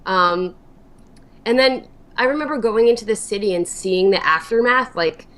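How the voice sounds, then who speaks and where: A woman's voice: medium pitch, moderate pace, a bit bright. A young woman from New Jersey, a guest streamer, rambling chattily with fillers and swearing. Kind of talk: casual interview chat.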